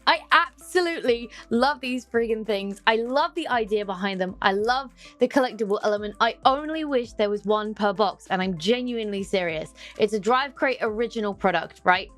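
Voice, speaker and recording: A young woman, chatting excitedly through an unboxing and humming little tunes as she goes. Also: medium pitch, normal speed, hardly any pauses, soft background music. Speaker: unboxing vlogger. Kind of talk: casual unboxing chat.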